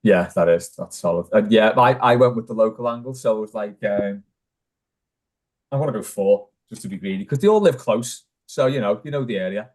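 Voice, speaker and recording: A man's voice: on the low side, brisk, a little mellow. A man hosting a casual fan podcast, laughing often and calling on each panel member in turn. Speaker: podcast host. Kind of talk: casual chat.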